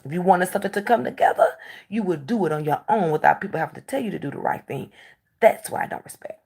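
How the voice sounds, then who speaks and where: A blunt, candid woman chats casually as a talk show host. Her voice sits low, with a gravelly, husky texture. Her pitch swings widely between animated outbursts and hushed asides. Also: quick pace. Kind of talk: casual storytelling chat.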